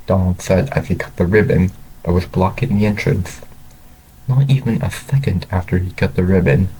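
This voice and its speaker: A man's voice: low-pitched, normal speed, dark tone, slight background noise, poor audio. A man reading a fan story aloud, who stumbles and repeats words as he goes. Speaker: story reader.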